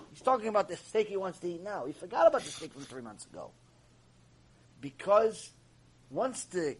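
A man gives an animated Mussar lecture in a high, husky voice. His pitch swings widely as he repeats key lines and keeps pressing with rhetorical questions. He lectures with lively energy. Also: low-quality recording. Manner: repetitive, acts out dialogue, rhetorical questions. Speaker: Torah teacher giving a Mussar lecture.

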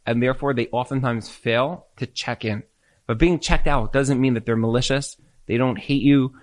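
A man lecturing in a question-and-answer session, animated and acting out bits of dialogue as he explains. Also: mid-range voice. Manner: animated, acts out quoted dialogue. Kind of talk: Q&A talk on marriage.

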